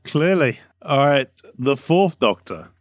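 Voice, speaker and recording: A man's voice: medium pitch, animated, takes it slowly, no echo. Male podcast co-host as contest judge, matter-of-fact, dry close sound. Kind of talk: casual podcast chat.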